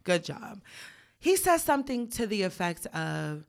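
A woman's voice: mid-range voice, big pitch swings, unhurried, vocal fry. A young woman co-hosting a casual podcast, telling a story bluntly and profanely, reading text messages aloud and breaking into frequent laughter. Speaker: podcast co-host.

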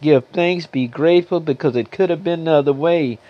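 A man preaching a sermon, now and then clearing his throat and singing slow gospel lines. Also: fairly high pitch, highs cut off. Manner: preaching, breaks into slow gospel singing, calls listeners beloveds. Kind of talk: sermon with sung gospel passages.

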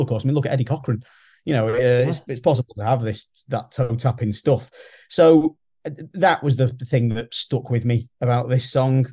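A man's voice: mid-range voice, dark tone. A British man co-hosting a music podcast, talking casually with restarts and the odd sung snippet. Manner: rambling, restarts, sings snippets. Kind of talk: casual chat.

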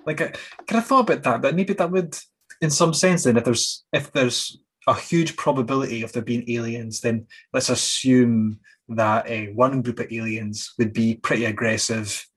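A man co-hosting a casual podcast chat, telling swearing, animated stories and acting out quoted voices. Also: mid-range voice, normal speed, slightly rough. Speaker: podcast co-host.

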